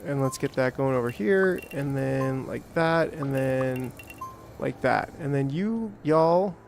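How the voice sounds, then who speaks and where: A man giving casual, rambling let's-play commentary, talking to himself and joking, with bursts of excitement. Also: medium pitch, slow, gravelly, faint music behind. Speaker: gameplay streamer.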